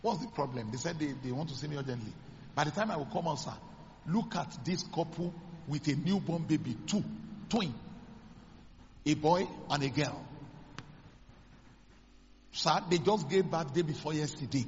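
A Nigerian man, a pastor, preaching a sermon as dramatic storytelling, acting out the dialogue with sudden high exclamations. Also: animated, normal speed, long pauses, darkish tone, long reverb tail, muffled recording, slight background noise.

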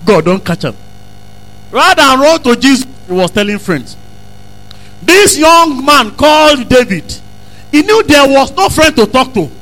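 High, bright-voiced preacher. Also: male voice, very animated, unhurried, rough recording. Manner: emphatic preaching, repeats phrases, bursts into shouts. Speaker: pastor. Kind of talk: sermon.

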